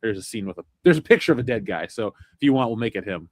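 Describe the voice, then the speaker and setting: A man's voice: fairly low pitch, lively intonation, fast talker, no echo, clean studio sound. A man hosting a pop culture chat show, reading viewer comments and teasing his co-host with frequent laughter. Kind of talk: casual chat.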